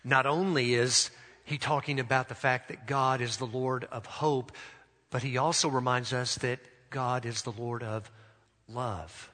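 A man preaching a sermon, drawing out phrases and letting his sentence endings fall soft. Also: mid-range voice, fairly even intonation, measured pace, in a large hall. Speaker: pastor.

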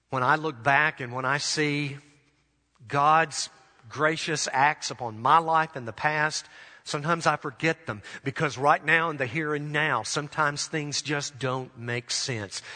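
Preaching earnestly, this pastor speaks with force in a bright voice that sits slightly high, slowing down when he wants a point to land. His words echo with a long reverb through the church sanctuary.

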